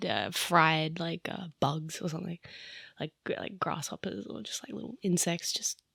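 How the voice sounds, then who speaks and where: A woman's voice: deep voice, big pitch swings, moderate pace, vocal fry, a bit bright, husky, no room sound, studio quality. A woman taking part as a player in a tabletop game, chatting casually and hesitantly. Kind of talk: casual chat.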